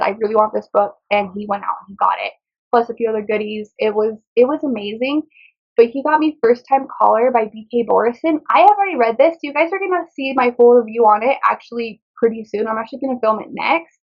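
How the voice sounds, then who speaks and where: A woman's voice: fairly high pitch, dull audio. A woman chatting casually through a book haul in a rambling way, often tripping over titles and author names. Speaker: book vlogger.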